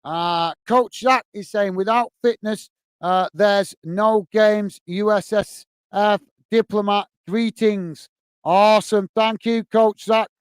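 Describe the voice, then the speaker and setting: A man's voice: high-pitched, steady tone, takes it slowly, clean tone, dry recording. A man hosting a football fan livestream, casually reading out viewer comments in a friendly, chatty way, full of "uh" and "mate". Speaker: football channel host.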